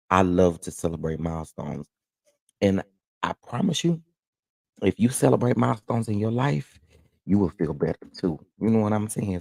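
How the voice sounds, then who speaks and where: A man with a Southern Texas accent hosts a relaxed morning livestream, reading comments and greeting viewers by name. His voice is low and gravelly, with a mellow tone, and his pitch swings widely as he jumps into high, excited exclamations. The sound is dry and close, with no room echo. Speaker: livestream host.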